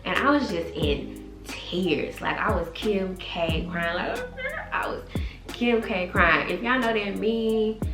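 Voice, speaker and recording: A woman in her twenties telling a personal story to her camera in a casual, animated vlog style. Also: mid-range voice, slow, gravelly. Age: 20s. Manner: animated, quotes others in voices, chatty. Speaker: vlogger and author. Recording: echoey room with background music.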